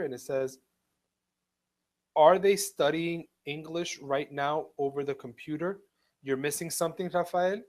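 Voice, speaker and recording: A man teaching English in a live online class, speaking slowly and patiently, repeating each step and reading example sentences aloud with clear stress. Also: a little high, a little mellow. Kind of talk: live online ESL lesson.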